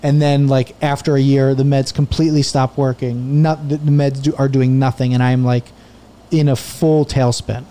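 A man's voice: medium pitch, flat delivery, moderate pace, warm tone. A man in his thirties, a podcast guest, telling a rambling, profane story in casual chat.

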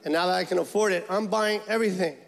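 Profane high-voiced stand-up comedian. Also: male voice, fast talker, creaky. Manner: profane, animated storytelling with acted-out voices. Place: large venue with a live audience. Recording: echoey hall, loud crowd.

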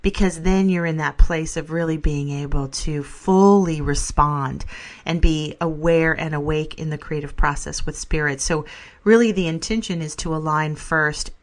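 A low-pitched middle-aged woman, moderately paced, co-hosts a casual podcast about spirituality. Enthusiastic throughout, she laughs frequently and pads her sentences with "you know."

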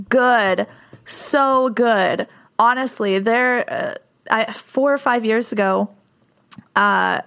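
A woman hosting an interview, reacting with enthusiasm. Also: fairly high pitch. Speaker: host.

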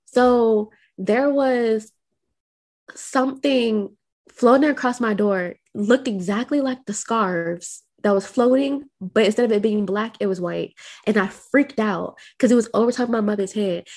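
A woman with a fairly high voice tells a story casually on a podcast. She is lively and acts out the quotes in her tale. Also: moderate pace. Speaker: podcast co-host.

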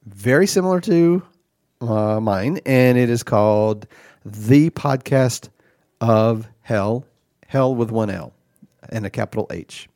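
Brief: male comedy podcast host, middling pitch, dry recording, rambling indignant rants. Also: a little mellow, no echo.

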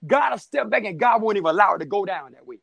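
A man preaching a shouted, rhythmic call-and-response sermon, with frequent "amen.". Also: high voice, lively intonation, fast talker, gravelly.

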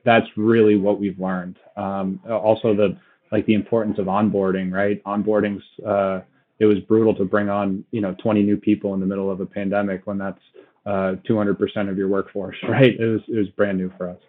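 Low-voiced guy rambling about work, lots of restarts, sounds like over a phone. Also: level tone, brisk. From Boston area. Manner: many restarts and "right?" tags, laughs often. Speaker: logistics company guest. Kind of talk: casual interview talk. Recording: tinny phone-like line.

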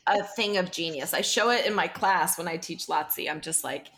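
A woman's voice: fairly low pitch, normal speed, a bit bright. A woman co-hosting a podcast in casual chat, gushing and emotional, laughing often. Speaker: podcast co-host.

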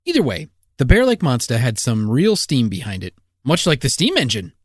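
A male co-host with a lively, wide-ranging pitch who jumps into excitable, joking reactions. The recording is close and dry. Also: normal speed, no echo. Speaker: podcast co-host. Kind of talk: casual storytelling chat.

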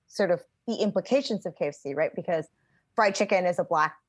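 Woman raised in america, podcast guest, super animated, likes and you knows everywhere. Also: lowish voice, fairly quick, no echo. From United States. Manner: animated, many fillers, acts out quotes. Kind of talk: casual chat.

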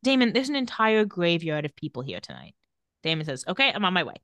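A young woman with a bright, crisp voice recaps a TV episode with a podcast co-host and jumps into the characters' lines as she goes. Her pitch swings widely, and her voice is recorded close and dry with no room sound. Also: fast talker, no echo. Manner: animated, acts out characters' lines while recapping. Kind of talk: casual TV recap chat.

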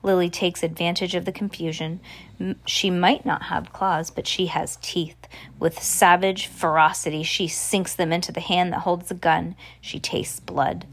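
A woman's voice: lowish voice, little pitch movement, measured pace. A woman reading a ghost story aloud expressively, dropping in casual asides. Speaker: storybook reader.

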